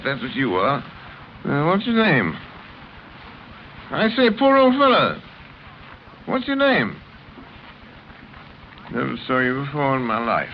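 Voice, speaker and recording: An actor playing a drunken upper-class English gentleman who rambles in a slurred, singsong way, in a 1930s radio drama. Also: a little high, a little hiss or hum, full character voice. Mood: tipsy rambling. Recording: muffled old radio rehearsal tape.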